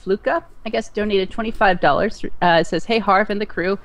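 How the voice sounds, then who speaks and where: A man's voice: sits high, brisk, a bit bright. A man co-hosting a charity livestream, reading donations aloud with plenty of hesitant fillers. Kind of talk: casual chat on a livestream.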